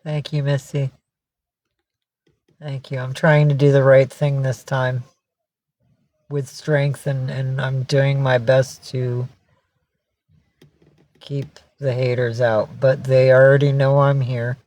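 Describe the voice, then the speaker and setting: A teary woman chatting casually with viewers on a livestream from home, cooing softly in baby talk to her cat. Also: very deep voice, little pitch movement, slow, long pauses, dry recording.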